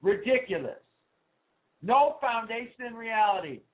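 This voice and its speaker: A man hosting his own talk radio show, ranting with heat and swinging from low asides to loud outbursts. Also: expressive, measured pace. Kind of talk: political talk radio rant. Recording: tinny phone-like sound.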